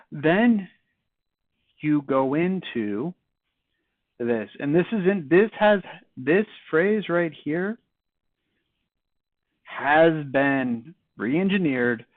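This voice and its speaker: A man's voice: fairly high pitch, no echo. Male sales trainer, casual and conversational, acts out call lines; tinny narrow-band audio, dry.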